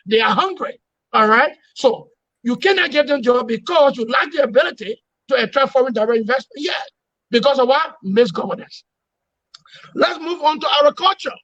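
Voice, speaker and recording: A man giving forceful political analysis in an interview, emphatic and repetitive, lecturing his points. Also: very high voice, lively intonation, moderate pace, no echo, dull audio. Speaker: opposition commentator.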